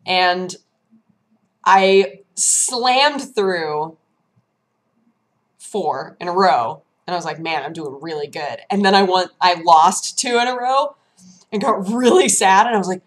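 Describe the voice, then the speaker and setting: A woman vlog host chatting casually and telling lively stories, acting out her own reactions in hushed voices. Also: medium pitch, slow, long pauses. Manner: animated storytelling, acts out her own quotes in hushed voices. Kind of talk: casual chat.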